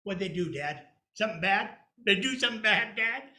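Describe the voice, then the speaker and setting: An older man voicing his excited six-year-old self, eager and quick with questions, in an echoey room. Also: high voice, exaggerated voice.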